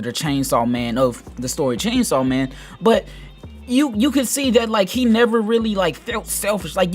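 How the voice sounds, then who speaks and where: Male anime commentator, slightly high pitch, loose rambling delivery, soft music bed. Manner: rambling, filler-heavy, animated. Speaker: anime video host.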